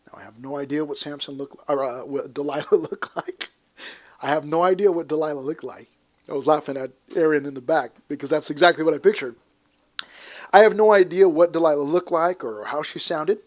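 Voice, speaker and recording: A man preaching as a pastor at a church service, emphatic and animated, with playful asides to the congregation. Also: on the high side, fairly quick. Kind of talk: sermon.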